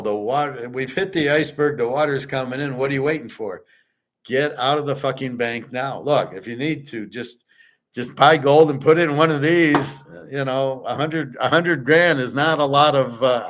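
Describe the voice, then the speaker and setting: A man's voice: medium pitch, moderate pace, fairly bright tone. A male host in a blunt, emphatic rant, swearing freely and rambling with restarts. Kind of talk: casual rant to camera.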